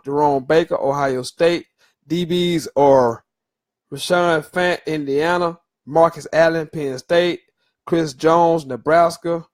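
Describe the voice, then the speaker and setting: Loose and opinionated, a middle-aged man runs a sports talk podcast on his own, stumbling and using fillers as he works through lists. His pitch is fairly high.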